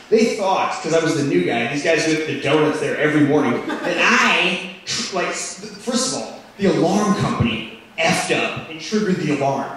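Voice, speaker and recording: A young stand-up comedian tells stories on a comedy club stage with animated delivery and loud, shouted impressions. His voice sits on the high side at normal speed, picked up from a distance with roomy club sound and the audience laughing.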